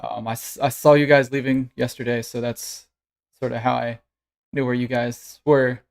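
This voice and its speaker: A man's voice: medium pitch, level tone, moderate pace, creaky, lightly acted. A huge dragonkin father, worn out and awkward, who hesitates and stumbles over his words, voiced by a man. He sounds sheepish and tired in a tabletop role-play scene. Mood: nervous hesitant. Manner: hesitant, stammering, full of ums. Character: shy, weary dragonkin dad, huge.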